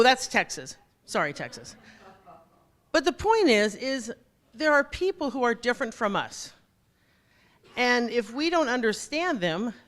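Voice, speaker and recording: A woman giving a motivational keynote talk. She speaks straight to the audience, with a jokey, animated delivery. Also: on the high side.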